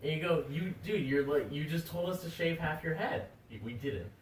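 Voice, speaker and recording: A man's voice: fairly high pitch, normal speed. A young man co-hosting a casual podcast, telling a rambling story and acting out the voices of the people in it. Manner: rambling, animated, acts out quoted voices. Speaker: podcast co-host. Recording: echoey room, far from mic, faint noise.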